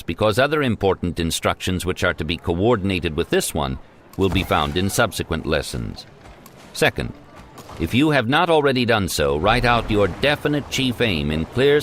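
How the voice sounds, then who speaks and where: Man reading with low, animated emphasis. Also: slight background noise. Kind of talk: reading an old self-help text aloud.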